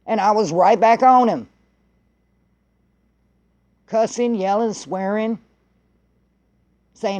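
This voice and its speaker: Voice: mid-range voice, slow, pauses often, a little mellow, muffled recording. A vlogger telling a story in a blunt, heated way and swearing freely. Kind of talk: casual profane storytelling.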